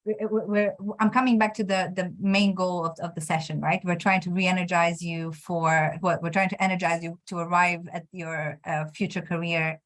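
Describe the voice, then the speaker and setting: A woman's voice: fairly low pitch, steady tone, normal speed, hardly any pauses, a bit bright. A woman coaching a student on his career, talking encouragingly with many restarts and fillers. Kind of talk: coaching session.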